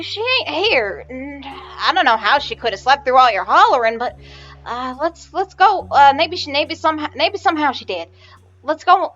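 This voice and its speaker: A woman's voice: sits high, fairly bright tone, lo-fi sound. Woman voicing a worried rustic young woman. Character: anxious young woman searching for her mother.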